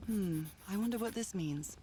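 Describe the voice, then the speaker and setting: A woman's voice: medium pitch, normal speed, mellow, natural voice. An actress voicing a curious woman explorer in a video game, thoughtfully musing to herself as she studies ancient ruins. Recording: game audio with background noise.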